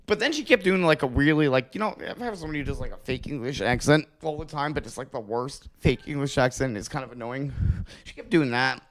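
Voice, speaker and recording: Animated, profane man rambling on a podcast. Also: mid-range voice, fast, hardly any pauses. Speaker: podcast host. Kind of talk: crude casual chat.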